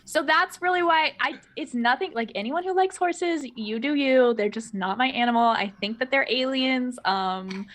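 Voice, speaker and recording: A woman's voice: high-pitched, normal speed, few pauses, fairly bright tone. A woman player introducing herself in casual chat, rambling with many fillers and giggles, on a home microphone over a video call.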